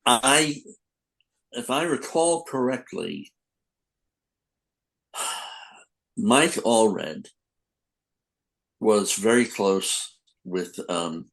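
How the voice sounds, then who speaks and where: Gravelly low-voiced older man telling stories. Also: expressive, very slow, pauses often, fairly bright tone, low-quality recording. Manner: rambling anecdotes with acted-out quotes and laughs. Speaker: comic book editor, guest. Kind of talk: casual storytelling interview.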